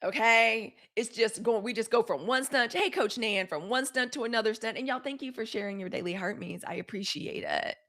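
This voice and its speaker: A woman hosting a daily live news stream, talking in a sassy, animated way straight to her viewers. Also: on the high side, brisk, few pauses. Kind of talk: casual live-stream commentary.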